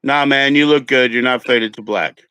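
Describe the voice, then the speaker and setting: A man's voice: mid-range voice, normal speed, sharp tone, smooth, no room sound. A man from California hosting a casual stream chat, easygoing and rambling, swearing casually as he talks. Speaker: streamer host.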